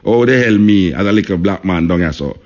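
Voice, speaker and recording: A man's voice: deep voice, lively intonation, a little fast, a little mellow, dull audio. A man with a Jamaican accent hosting a radio talk show, speaking emphatically, repeating points and saying "you know" often.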